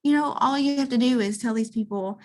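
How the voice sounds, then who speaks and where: A woman's voice: a little high, fairly quick. A woman chatting casually about her direct sales business, earnest and heartfelt, with plenty of fillers. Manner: earnest, warm-hearted testimonial with many fillers. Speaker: guest, direct sales seller. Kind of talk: casual chat.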